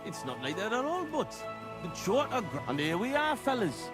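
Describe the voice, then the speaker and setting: A high-pitched jolly village youth. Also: male voice, over music. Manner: lively, quick to laugh.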